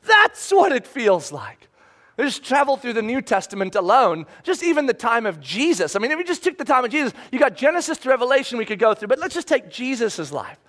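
High-voiced passionate male preacher. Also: very animated, fast, hardly any pauses. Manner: passionate preaching, acts out voices in stories, swings between loud and hushed. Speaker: pastor. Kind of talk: sermon.

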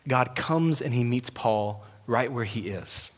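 A man's voice: mid-range voice, animated, slow, few pauses. A man preaching a sermon, conversational and emphatic as he retells scripture. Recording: long reverb of a large hall.

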